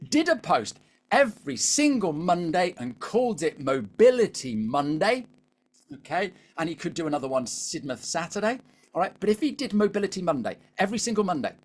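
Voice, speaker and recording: Chatty British man coaching a webinar. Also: high voice. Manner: chatty, keeps asking the audience "all right?". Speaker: LinkedIn coach. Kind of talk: live webinar coaching talk.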